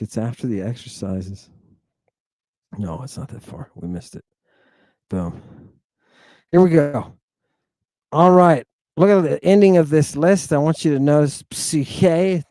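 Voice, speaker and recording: Middle-aged man, theatrical teacher, slow drawn-out drills, loud-to-hushed swings, dry close sound. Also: on the high side, no echo. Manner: drawn-out, emphatic pronunciation drills. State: hot and sweating. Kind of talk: lecture to an online audience.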